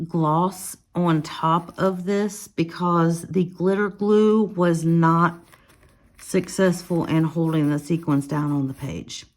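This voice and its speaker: A woman, casually showing and describing her finished coloring pages to viewers, listing her supplies as she goes. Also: lowish voice. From Alabama. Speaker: coloring vlogger. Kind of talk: casual show-and-tell narration.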